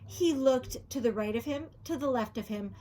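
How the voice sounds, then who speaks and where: A woman teacher reading a children's storybook aloud, animated, asking the children questions and sometimes dropping to a whisper. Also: sits high, moderate pace.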